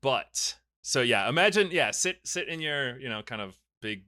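A young man hosting a casual comedic podcast, recapping a movie in an animated, riffing storytelling manner. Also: mid-range voice, moderate pace, no room sound, clean studio sound. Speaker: podcast host recapping a film.

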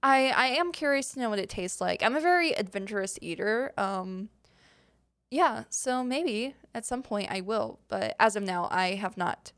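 Chatty young woman with a smooth voice. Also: mid-range voice, animated, normal speed, fairly bright tone. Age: young adult. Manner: chatty, rambling, many fillers and giggles. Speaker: podcast host. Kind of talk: casual Q&A chat.

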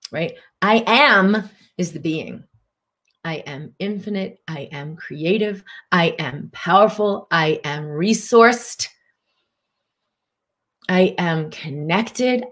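Animated woman teaching live, lowish voice. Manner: animated, acts out inner voices. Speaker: spiritual teacher. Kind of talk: live-streamed teaching talk.

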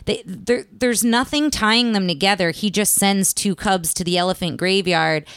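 A woman co-hosts a casual movie-review podcast and talks in an opinionated, animated way with plenty of "like." Her voice is smooth and clear. The sound is dry and close, with no room behind it. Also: mid-range voice, moderate pace, no room sound. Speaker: podcast co-host.

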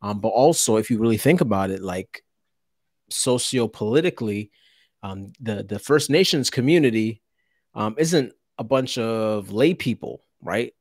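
A man co-hosting a podcast conversation, talking in an animated way with rhetorical questions and words repeated when he gets worked up. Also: lowish voice, unhurried, no room sound, clean studio sound. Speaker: co-host.

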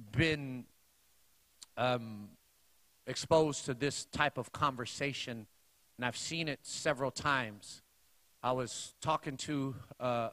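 A man's voice: high-pitched, sharp tone, no echo. A man preaching a sermon as pastor, pressing his points with emphatic repetition and building intensity.

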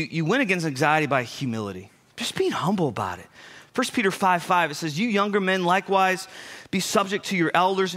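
Young male pastor, high and bright voice, chatty animated sermon delivery. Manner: conversational, animated preaching with asides.

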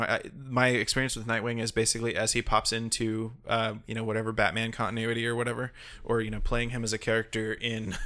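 Man, podcast co-host, bright tense tone, rambling casual chat, lots of fillers. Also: mid-range voice. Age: adult, married. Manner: rambling, many fillers and restarts.

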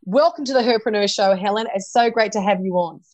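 A woman's voice: mid-range voice, fast talker, a little mellow. A woman hosting a podcast interview, bubbly and laughing often. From Australia. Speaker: podcast host. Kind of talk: casual interview chat.

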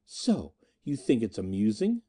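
A man's voice: on the low side, wildly swooping pitch, a little slow, warm tone, breathy edge, heavily acted. A man voicing a proud, jealous Martian woman in an audiobook reading. She speaks in a stern, scornful and intense way.

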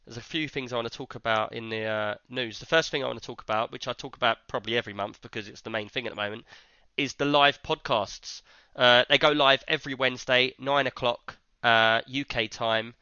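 A man hosting a laid-back podcast, talking in a chatty, rambling way full of fillers. His voice is bright and crisp, recorded dry, close to the mic, with a slightly dull, lo-fi edge. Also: medium pitch, brisk, dry recording. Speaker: podcast host. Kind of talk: casual podcast chat.

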